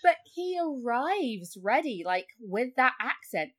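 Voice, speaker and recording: A woman's voice: high voice, sing-song, takes it slowly. A woman talking as a guest on a podcast in casual chat. She fills her talk with "like" and often acts out other people's voices. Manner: chatty, full of likes, acts out voices.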